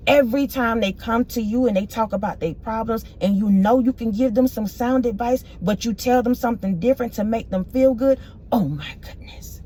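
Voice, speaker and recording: A woman talks straight to her audience through a spiritual reading. Her voice sits a little high, and she speaks in emphatic, repeating bursts broken up by exclamations. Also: mellow. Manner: emphatic, repetitive, exclaims "oh my goodness". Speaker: tarot reader.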